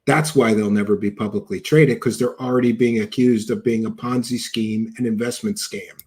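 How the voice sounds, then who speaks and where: A man's voice: lowish voice, steady tone, moderate pace, darkish tone, husky. A man hosting a show, giving mocking, sarcastic commentary over video clips and thanking viewers for donations. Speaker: show host reacting to clips.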